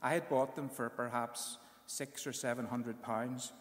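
A man with a British accent, a graduating student giving an earnest speech at his ceremony, often pausing on fillers. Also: medium pitch, fairly even intonation, echoey room, long reverb tail. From United Kingdom.

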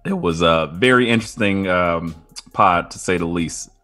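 A man's voice: deep voice, normal speed, pushed and bright, soft background music. A man co-hosting a podcast, telling stories in a laid-back, laughing, profane way. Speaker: podcast co-host. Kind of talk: casual chat.

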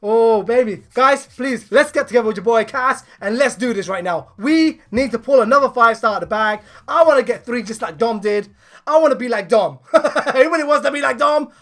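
A man co-hosting a gaming channel, giving excited commentary while summoning in a mobile game, hyped and shouting when thrilled. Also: very high voice.

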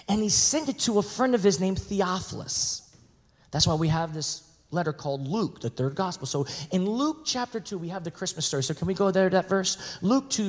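A male pastor preaching a sermon, animated, swinging from hushed words to shouting. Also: high-pitched. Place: large church sanctuary. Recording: reverberant church hall.

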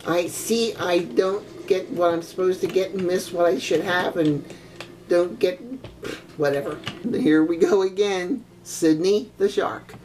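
A woman's voice: fairly low pitch, fairly even intonation, unhurried. An older grandmother casually commenting as she plays a video game, chatty and exclamatory, with old-fashioned oaths and frequent giggles. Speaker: gaming grandmother.

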